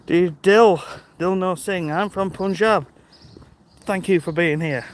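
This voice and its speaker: This is a British man with a high-pitched, slow voice, streaming live from a handheld phone. He's out on a rural walk, chatting casually and saying hello to viewers by name.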